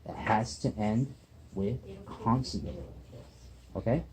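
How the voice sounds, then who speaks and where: Speaking slowly in a fairly low, slightly mellow voice, a man who is a student teacher guides a pupil through reading one-on-one. He stays patient and keeps checking understanding with "right?" and "okay?". The lesson happens at a table at the back of a busy classroom amid chatter.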